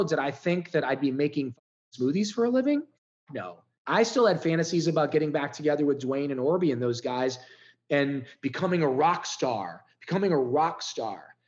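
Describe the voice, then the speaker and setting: A man's voice: mid-range voice, a little mellow, muffled recording. A man in his fifties from Ohio, a podcast guest telling his life story in a candid, emotional way with casual swearing. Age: 50s.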